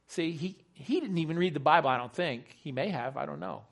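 A male preacher delivers a sermon with a fairly high voice. He talks emphatically and poses rhetorical questions to the congregation. He repeats his key points. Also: lively intonation, fairly quick, hardly any pauses.

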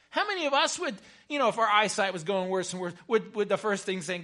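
A man, a chaplain, telling a story in a sermon, earnest and repeating words as he builds to bursts of excitement. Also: sits high, normal speed. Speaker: chaplain preaching.

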